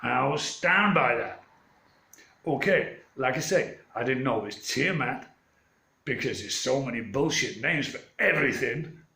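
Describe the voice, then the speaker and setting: A man's voice: mid-range voice, lively intonation, a little slow, vocal fry, pushed and bright. Rambling, defiant man ranting in an echoey room. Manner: swearing, defiant, meandering storytelling. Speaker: channel host.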